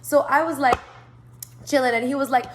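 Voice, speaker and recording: A woman's voice: high voice, steady tone, normal speed, slight background noise. A woman hosting her tarot channel, telling a rambling storytime monologue with lots of swearing, laughter and asides.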